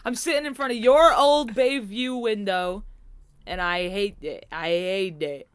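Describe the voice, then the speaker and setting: A woman's voice: medium pitch, unhurried, a little hiss or hum. A young woman from New Jersey co-hosting a casual comedy chat, playful and self-deprecating. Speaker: podcast co-host.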